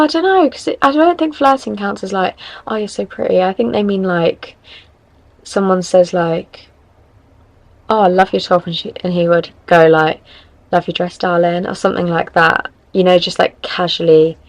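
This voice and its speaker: Young woman, podcast host, casual rambling advice chat, self-correcting, lowish voice, dry close sound. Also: no room sound, low-quality recording.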